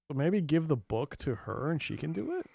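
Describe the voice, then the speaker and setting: A man's voice: fairly high pitch, big pitch swings, normal speed, gravelly, mellow, slightly rough, no room sound. A tired man streaming a retro game, chatting casually and yawning often between comments. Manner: drowsy, yawning, chatty asides. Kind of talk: casual let's play commentary.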